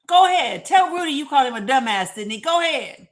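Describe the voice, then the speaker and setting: A woman acting out an agitated male political lawyer goading a colleague, loud and fast. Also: high-pitched, big pitch swings, exaggerated voice.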